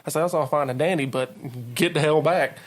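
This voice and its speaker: A man's voice: a little high, brisk. A man telling rambling, profane work stories in a casual podcast chat. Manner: rambling, profane, laughing anecdotes. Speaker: podcast guest, utility meter worker.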